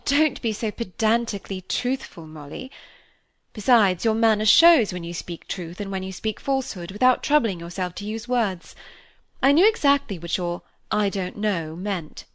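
A candid, restless young woman who mocks herself, as a woman reads her. She speaks in a lively, wry, confiding way from a classic novel. The recording is dry and close. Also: mid-range voice, moderate pace, no echo, lightly acted. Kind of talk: reading a classic novel aloud.

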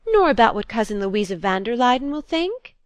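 A woman's voice: a little high, sing-song, fairly quick, smooth, dry recording, pitched above the performer's own voice. A prim, anxious spinster sister who frets and reproaches in a raised, pleading voice, as a woman narrator puts her on. Her lines sit well above the narration. The storybook reading is dry and close-miked. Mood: reproachful.

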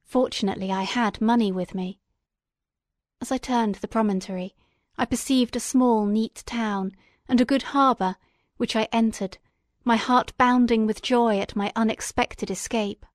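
A woman reading a classic novel aloud as an audiobook, in a measured, expressive and dramatic way. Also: fairly high pitch, no room sound, clean studio sound. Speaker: audiobook reader.

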